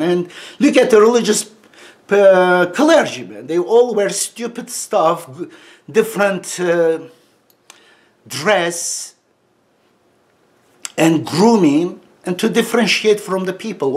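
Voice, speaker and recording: Guy w/ high voice ranting, scornful, loose english. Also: measured pace. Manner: heated, scornful, loosely phrased non-native English. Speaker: religious commentator. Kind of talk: animated off-the-cuff talk.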